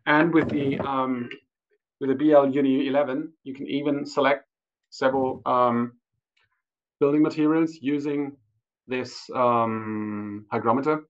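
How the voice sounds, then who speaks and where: A man explaining a measuring device in a hesitant, careful way, pausing often as he searches for words. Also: medium pitch, fairly even intonation. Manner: hesitant, many fillers and restarts. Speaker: product expert. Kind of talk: technical explanation. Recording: dull lo-fi sound.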